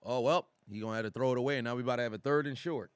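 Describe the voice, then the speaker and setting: A man streaming live and reading out chat messages, talking in an animated, excitable way and swearing freely. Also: medium pitch, rapid-fire, clean tone, no room sound, studio quality.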